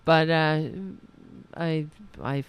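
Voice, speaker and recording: Hosting a political commentary show over faint music, a woman talks casually in a low, level voice at a very slow pace, her tone clean. She's sarcastic and mocking, reading out comments in mimicking voices.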